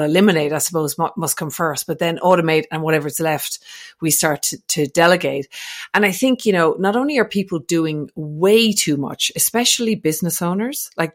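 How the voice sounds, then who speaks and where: A woman, a business founder speaking as a guest in an interview, lively and articulate. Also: deep voice. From Ireland. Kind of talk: casual interview chat.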